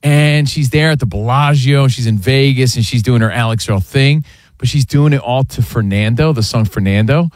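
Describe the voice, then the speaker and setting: A man's voice: mid-range voice, normal speed, darkish tone, no room sound. A man with a New Jersey accent co-hosting a sports radio show, trading brash, slangy banter in a studio. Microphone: studio mic.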